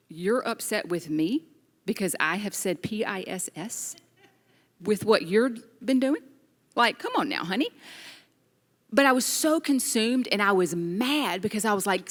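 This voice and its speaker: A middle-aged woman with a low, gravelly voice tells a personal story with open emotion. Her speech carries the long reverb of a big hall. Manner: emotional, animated storytelling with laughter. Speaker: guest mother sharing her story. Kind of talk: candid testimony in a group discussion.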